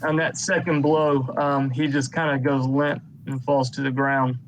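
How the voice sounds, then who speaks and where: A man running a tabletop game as game master, calmly calling hits and damage and narrating what the enemies do. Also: mid-range voice, a little slow, a little hiss or hum, poor audio.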